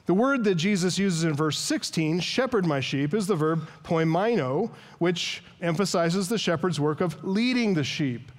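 A man's voice: high-pitched, animated, unhurried, few pauses. A man preaching an earnest expository sermon as a pastor, reading scripture aloud and explaining it.

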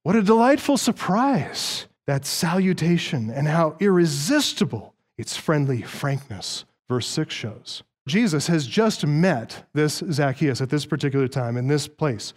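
A man's voice: on the high side, lively intonation, measured pace. A man preaching an expository sermon, earnest and emphatic, with occasional dry asides to the congregation. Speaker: pastor.

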